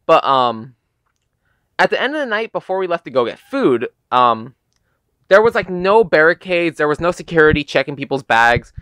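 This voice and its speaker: Young guy w a norcal just rambling and cussing, mid pitch, dry mic. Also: pushed and bright, smooth, no room sound. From United States. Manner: rambling, profane, with many fillers. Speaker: gaming YouTuber. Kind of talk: casual storytelling vlog.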